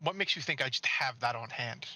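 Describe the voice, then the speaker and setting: A man's voice: mid-range voice, animated, fairly quick, bright, forceful tone, no room sound, poor audio. A man in casual chat on a game stream, joking around with friends in profane banter over a voice call.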